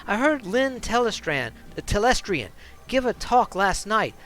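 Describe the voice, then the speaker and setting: A man's voice: high voice, very animated, a little slow, a bit bright, pitched above the performer's own voice, heavily acted. A man voicing an earnest young man who pleads urgently with an ex-girlfriend. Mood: pleading.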